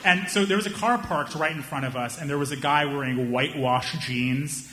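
A young man doing stand-up, telling a story in an animated way and slipping into the voices of the people in it. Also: a little high, moderate pace. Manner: animated, acts out voices of friends and strangers. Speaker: stand-up comedian.

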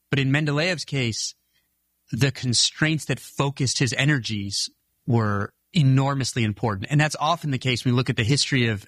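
A man's voice: mid-range voice, fairly bright tone, dry recording. Earnest male author explaining ideas. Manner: earnest, laughs occasionally, frequent restarts. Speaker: author guest. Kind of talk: explanatory interview talk.

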